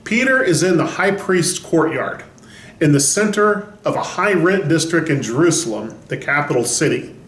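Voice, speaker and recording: A man's voice: fairly high pitch, animated, moderate pace, a bit bright. Storytelling pastor, man, roomy sound. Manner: storytelling with folksy humor. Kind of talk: devotional talk. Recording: roomy echo.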